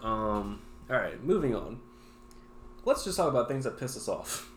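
A man's voice: mid-range voice, very animated, normal speed, slight background noise. A young man co-hosting a podcast, telling stories casually and swearing freely. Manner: crude, storytelling, swears freely. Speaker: podcast co-host. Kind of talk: casual chat. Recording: echoey room.

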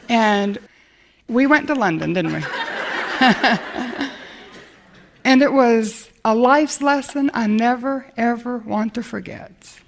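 Older woman, sermon storytelling, animated, acts out dialogue, slightly high voice. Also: slow pace, creaky, long pauses. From America. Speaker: speaker telling a personal testimony.

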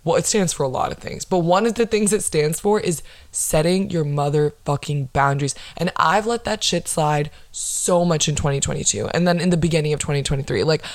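A woman's voice: low voice, fairly quick, few pauses. A woman hosting her own solo podcast, ranting in a sarcastic, profane way full of fillers. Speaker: podcast host.

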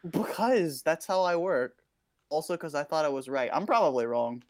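A young woman chatting casually as co-host, quick with asides and laughing often. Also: deep voice, animated. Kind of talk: casual chat.

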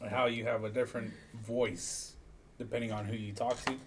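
A man's voice: medium pitch, level tone, moderate pace, slight background noise. A man from the American South on a casual podcast, asking wry, joking questions.

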